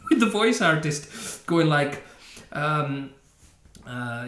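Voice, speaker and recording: Male reaction host, slightly high voice, mocking and opinionated, roomy sound. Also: sing-song, extremely slow, a bit bright. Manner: sarcastic, scornful, laughs often. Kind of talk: opinionated game reaction commentary. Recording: roomy echo.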